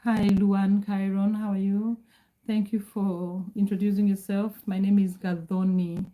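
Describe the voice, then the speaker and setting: A woman in her forties from Kenya, hosting a casual livestream, greeting viewers by name and answering chat in calm, measured speech. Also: mid-range voice, rough recording. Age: 40s. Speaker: livestream host.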